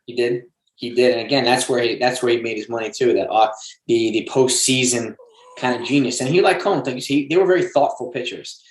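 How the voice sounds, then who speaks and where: A man as guest on a casual sports podcast, talking in a relaxed, agreeable, reflective way. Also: mid-range voice, a little fast. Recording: echoey room.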